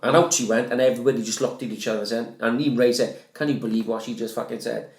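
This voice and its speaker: A man's voice: medium pitch, steady tone, very fast, vocal fry, echoey room. A Welsh man co-hosting a podcast, telling rambling stories in casual banter and swearing freely. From Wales. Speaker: podcast co-host.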